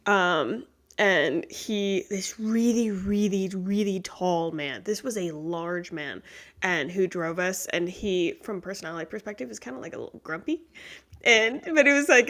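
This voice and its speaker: A woman hosting a podcast interview, telling stories with lots of laughter in a casual, animated way. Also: mid-range voice. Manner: animated storyteller, laughs often. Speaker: podcast host.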